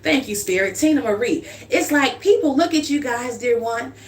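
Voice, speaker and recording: A woman's voice: fairly high pitch, lively intonation, moderate pace. A woman giving a livestream tarot reading in a chatty, informal way, often checking in with "okay?" and calling the listener "dear one". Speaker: tarot card reader. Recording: slightly distant mic with faint hum.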